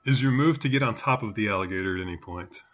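A man's voice: lowish voice, fast, fairly bright tone. A man in his forties chatting casually as a host, telling rambling stories with many fillers. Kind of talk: casual chat.

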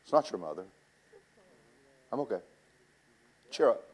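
A man's voice: fairly low pitch, sing-song, a little slow, breathy edge. A man preaching a sermon, telling personal stories in a folksy, teasing way and talking straight to the congregation.

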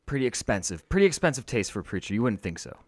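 A young adult man co-hosting a podcast, goofy and excitable, out of breath from running upstairs. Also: medium pitch, very fast, no echo, studio quality. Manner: excitable, goofy, swings loud and soft. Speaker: podcast co-host. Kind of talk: casual chat.

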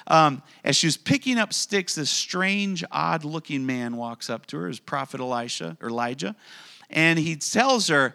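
A man preaching a sermon in a church, animated and acting out the voices of people in the stories he tells. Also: medium pitch, normal speed. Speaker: pastor. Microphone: handheld or stand mic.

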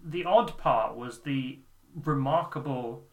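A man's voice: medium pitch, takes it slowly, a little mellow. A man co-hosting a podcast in casual political chat, explaining poll figures step by step. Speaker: podcast co-host.

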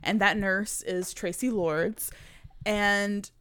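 A woman co-hosting a casual podcast chat, chatty and quick to laugh. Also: medium pitch, steady tone, fairly bright tone, smooth, dry recording. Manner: chatty, laughs often, says "like" a lot. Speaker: podcast co-host.

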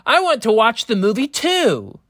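A man's voice: very high voice, huge pitch swings, normal speed, fairly bright tone, no echo, studio quality, voice pushed up, full character voice. A man voicing a whiny, jealous young boy who complains.

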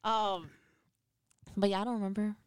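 A woman co-hosting a podcast, telling a story in animated, slangy casual chat with frequent laughs. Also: mid-range voice, normal speed. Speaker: podcast co-host.

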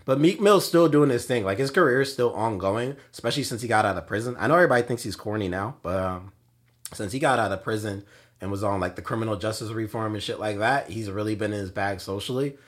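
A man's voice: fairly low pitch, quick pace. A young man co-hosting a casual podcast, talking in loose slang, laughing and acting out little bits. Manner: animated, laughing, slangy, mimics others in bits.

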